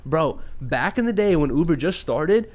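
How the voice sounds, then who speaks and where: Excitable man spinning a story. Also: on the high side, moderate pace. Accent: American. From Russia. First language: Russian. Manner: rambling storyteller, emphatic and defensive when doubted. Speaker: podcast co-host. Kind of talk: casual podcast banter.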